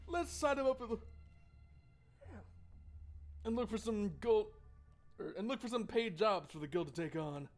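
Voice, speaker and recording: A man's voice: sits high, expressive, moderate pace, long pauses, soft background music. A man streaming a live board game playthrough, chatty and joking while thinking aloud about his moves.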